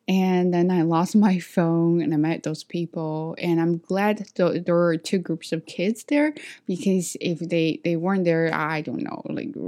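Lively woman vlogger. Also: on the low side. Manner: animated retelling, acts out others' lines; hesitant, many fillers and restarts. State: sweaty after a walk. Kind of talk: casual storytelling to camera.

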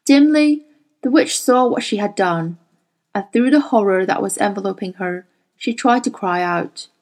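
A woman whose first language is Chinese, reading a fantasy novel aloud in a slow, deliberate storytelling manner. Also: medium pitch, a little mellow. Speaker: audiobook reader.

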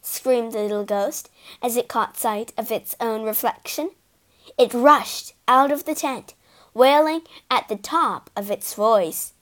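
A woman reading a children's storybook aloud, with expressive, animated narration. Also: fairly high pitch, slow pace.

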